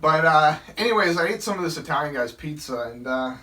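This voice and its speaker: A man's voice: on the high side, animated, a little fast, sharp tone, distant mic. A young man from Southern Virginia telling a rambling personal story, with many fillers and restarts. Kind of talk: casual storytelling.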